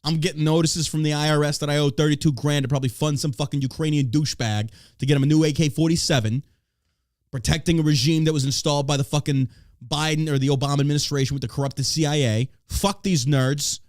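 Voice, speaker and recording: A man's voice: a little high, steady tone, fast, a little mellow, no room sound, clean studio sound. A man hosting a podcast, ranting in casual chat with a profane, sarcastic, mocking manner. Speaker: podcast host.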